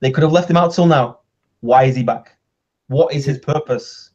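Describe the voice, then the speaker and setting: A man's voice: medium pitch, slow, a little mellow. A male guest in a casual livestream chat, insistent and argumentative. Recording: dull lo-fi stream audio.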